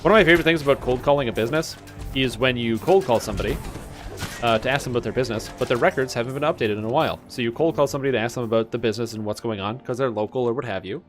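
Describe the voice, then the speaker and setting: Young man, streamer, rapid rambling chat, faint game music behind. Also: medium pitch. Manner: rambling, chatty storytelling. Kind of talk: casual chat while gaming. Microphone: webcam-streaming setup.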